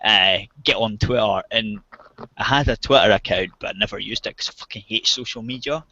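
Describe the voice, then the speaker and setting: A man's voice: lowish voice, a little fast, bright, forceful tone, no room sound. A man from outside the US, ranting angrily and swearing heavily in a casual chat. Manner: angry, heavy swearing, ranting. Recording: dull, dry voice-chat audio.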